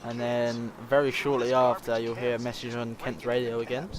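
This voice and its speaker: A British man talks through a game walkthrough in a casual, chuckling way. His voice sits at an ordinary pitch, and gunfire and clear game noise run under it. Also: completely flat delivery, normal speed. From Britain. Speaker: gaming host. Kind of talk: walkthrough commentary.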